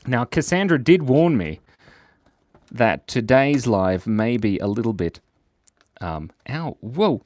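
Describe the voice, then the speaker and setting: Lively, chatty man drawing on a livestream. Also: medium pitch, measured pace, dry recording. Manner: chatty and playful, reads viewer comments aloud, giggles often. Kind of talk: casual live-stream chat while drawing.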